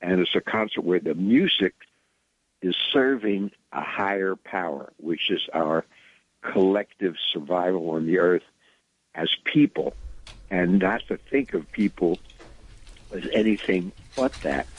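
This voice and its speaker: An older man with a very low, husky voice tells his stories at an unhurried, rambling pace. He sounds earnest and slides from anecdote into gentle preaching, like a musician talking as a guest on the radio. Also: dry recording, muffled recording. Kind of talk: conversational storytelling.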